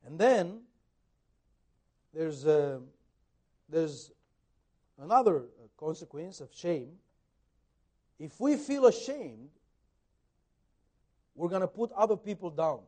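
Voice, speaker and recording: A man preaching a conversational sermon as a pastor, swinging between loud emphasis and soft asides, sometimes acting out dialogue. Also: fairly high pitch, big pitch swings, takes it slowly, pauses often. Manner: acts out quoted dialogue.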